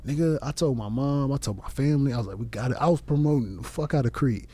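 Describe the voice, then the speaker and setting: A man's voice: medium pitch, fast talker, husky. Man telling a profane story. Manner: animated, profane anecdote telling with quoted voices. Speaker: comedian guest. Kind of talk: casual storytelling. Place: podcast studio.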